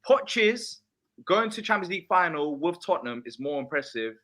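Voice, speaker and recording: A man's voice: a little high, very animated, moderate pace, a bit bright. A young man cutting into a football podcast debate, making his case with repeated phrases. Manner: interjecting, reasoning with repeated phrases. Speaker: football pundit.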